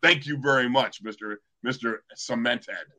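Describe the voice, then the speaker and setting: A man telling a football story in relaxed podcast talk. His voice sits at an everyday middle pitch, and he jumps into quoted lines as he acts out the scene. He restarts words often as he goes. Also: moderate pace. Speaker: podcast co-host, former football player. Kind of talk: casual storytelling chat.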